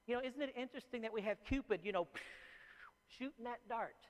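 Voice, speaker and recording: A man, an author, speaking to a live audience as an animated and chatty storyteller. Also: high voice, brisk, big-room sound, poor audio. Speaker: author giving a talk.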